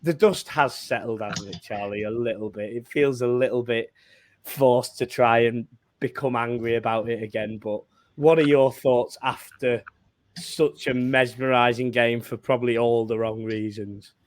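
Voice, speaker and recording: A man's voice: mid-range voice, fairly even intonation, normal speed. A man hosting a football podcast in a chatty, casual way, laughing between phrases. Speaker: podcast host.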